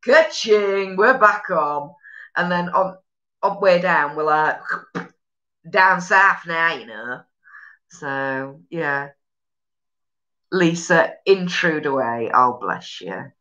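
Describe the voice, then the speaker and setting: Yorkshire lass rambling on her live stream, blunt and sweary, deep voice w a sharp edge. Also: expressive, slow, long pauses, lo-fi sound. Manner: chatty, rambling, blunt, sweary with broad northern slang. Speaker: live stream host reading viewer comments. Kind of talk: casual chat.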